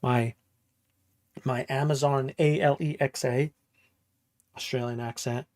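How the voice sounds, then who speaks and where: Young male producer, loose chatty streamer, middle pitch, dry voice. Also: fairly even intonation, unhurried, a little mellow, no echo. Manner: chatty and loose, thinks aloud while working. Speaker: music producer streaming a live session. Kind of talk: casual livestream chat.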